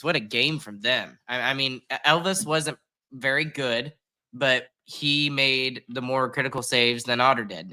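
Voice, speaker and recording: Bright-voiced man hosting a sports podcast. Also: medium pitch, clear, resonant tone. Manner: chatty, self-deprecating, quick asides. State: hiccups. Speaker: podcast host. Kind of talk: casual sports podcast chat.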